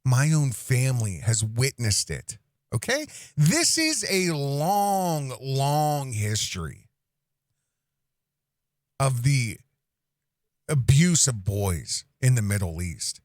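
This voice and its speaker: A man hosting a podcast, commenting on a clip in an exasperated, drawn-out way. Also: medium pitch, sing-song, a little mellow, dry recording, clean studio sound. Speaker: podcast host.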